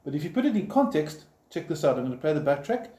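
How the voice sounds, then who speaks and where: A man's voice: fairly high pitch, big pitch swings, fast, dark tone. A man teaching a guitar lesson step by step, patiently explaining while he plays and counting in. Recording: roomy echo, guitar playing behind.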